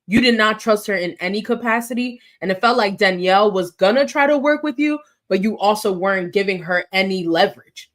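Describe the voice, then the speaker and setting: Brief: woman podcast co-host, mid-pitch, animated recap chatter. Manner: animated, quick retelling with acted-out quotes. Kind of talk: casual recap chat.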